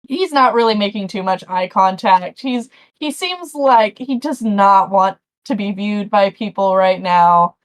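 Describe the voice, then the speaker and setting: A woman's voice: mid-range voice, expressive, measured pace, few pauses. A woman narrating a tabletop game as game master, chatty and rambling with frequent restarts.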